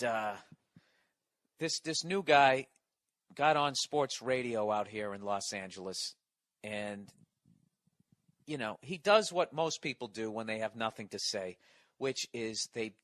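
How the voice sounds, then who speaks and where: A man's voice: mid-range voice, slow, pauses often, fairly bright tone, no room sound. A man delivering a profane, exasperated comedy rant as a podcast host, often stammering through restarts. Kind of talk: ranting comedy monologue.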